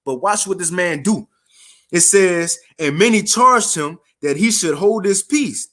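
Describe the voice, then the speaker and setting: A man preaching a casual street sermon, reading scripture slowly and formally, then explaining it in slang and checking in with his listeners. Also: high-pitched, a bit bright.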